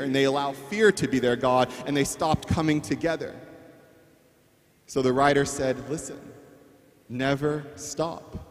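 A man's voice: medium pitch, big-room sound. A man preaching at a wedding, earnest and conversational, with playful asides to the couple. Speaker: pastor officiating a wedding. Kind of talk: wedding sermon. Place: wedding venue.

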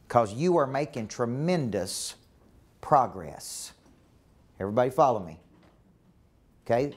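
A man's voice: mid-range voice, lively intonation, moderate pace, long pauses. A middle-aged man gives a live motivational talk to a business team, often asking the room questions and repeating points for emphasis. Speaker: business coach. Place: meeting room with a live audience.

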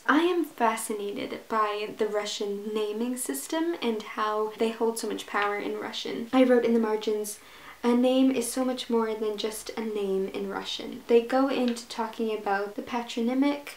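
A woman's voice: medium pitch, reverberant, a little hiss or hum, low-quality recording. A woman talking casually and enthusiastically about a book she is starting, gushing with restarts and fillers. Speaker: book vlogger. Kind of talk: casual reading vlog.

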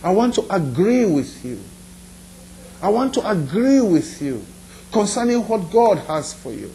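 High-voiced man preaching earnestly. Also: big pitch swings, a little slow, mellow, slight background noise, low-quality recording. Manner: earnest, repetitive preaching with direct questions to listeners. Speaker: pastor. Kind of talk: sermon.

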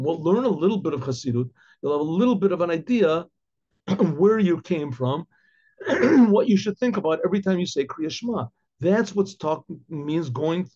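A man, a rabbi giving a Torah class, translating Hebrew lines and explaining them, with frequent restarts and throat-clearing. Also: fairly high pitch, warm tone. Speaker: rabbi teaching Chassidic text. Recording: dull lo-fi recording.

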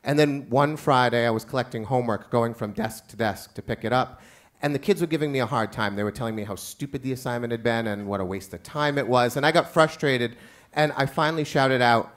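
Male teacher, live storytelling, dry comic timing, ordinary mid pitch. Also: a little fast, fairly bright tone. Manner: wry, comic, self-mocking. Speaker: teacher telling a personal story. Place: live stage event.

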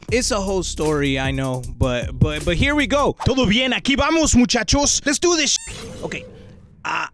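A man narrates a game in a very high, lively voice that leaps up and down. He is excitable and profane, mixing English with Spanish slang as he jokes through the action. Faint music plays underneath. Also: moderate pace. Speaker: VR gaming YouTuber. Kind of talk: comedic gameplay commentary.

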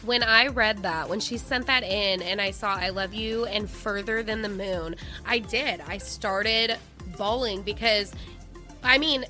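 A woman's voice: medium pitch, sharp tone. A woman co-hosting a podcast, chatting casually and reading out listener messages, giggly and emotional. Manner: giggly, emotional, quick to laugh. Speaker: podcast co-host.

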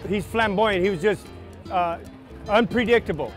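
A man's voice: high-pitched, moderate pace, soft background music. A man fondly describing a friend in a documentary interview.

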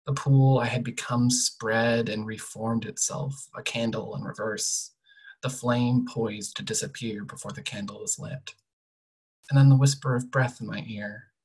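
A young author reads from their own novel in a quiet, measured way. The voice is husky and breathy, sitting at a middle pitch. Sentence endings often fall away softly. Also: poor audio. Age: young adult. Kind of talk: literary reading of a novel excerpt.

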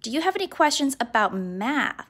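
A woman's voice: high-pitched, sing-song, moderate pace, a bit bright, exaggerated voice. A woman voicing a strict, easily flustered male schoolteacher in a storybook reading. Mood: stern. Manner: strict, flustered teacher talk. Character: stern grown male schoolteacher.

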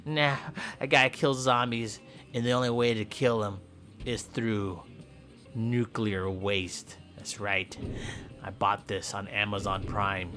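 A man giving goofy, trash-talking gameplay commentary with sudden high yelps and shouts. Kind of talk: comedic let's-play commentary.

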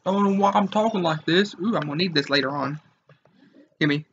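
A man's voice: on the high side, brisk, a bit bright, highs cut off, a little hiss or hum. A young man rambling and joking to viewers while playing a game. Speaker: gamer. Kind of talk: casual let's play commentary.

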